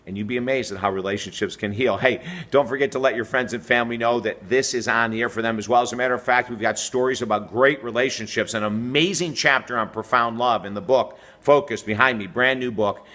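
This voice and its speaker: A man's voice: mid-range voice, steady tone, brisk, few pauses, pushed and bright. A middle-aged man hosting an advice video as a relationship coach, talking energetically and conversationally to the camera. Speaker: relationship coach and show host.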